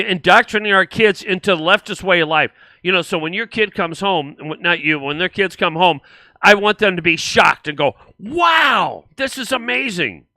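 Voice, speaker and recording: Emphatic bright-voiced male talk host. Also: high voice, no room sound. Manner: emphatic, drawn-out sarcastic stresses. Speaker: show host. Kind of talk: casual political talk show.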